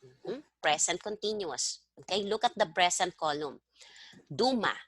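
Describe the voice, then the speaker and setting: Woman tutor, patient step-by-step explainer, lowish voice, dry sound, video call. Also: expressive, measured pace, a bit bright, no echo. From Philippines. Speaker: language tutor. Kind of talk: one-on-one online lesson.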